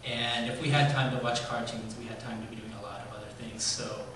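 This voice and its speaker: A man's voice: mid-range voice, fairly even intonation, a little hiss or hum. Man giving a eulogy in an echoey hall. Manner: storytelling, halting, with many ums. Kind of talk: eulogy told as personal stories. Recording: very echoey hall, voice from far off, faint ambience.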